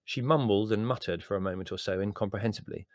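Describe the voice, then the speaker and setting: A man's voice: fairly low pitch, fast, dry recording. A man reading a comic memoir aloud in a wry, dry and understated storytelling manner. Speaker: narrator.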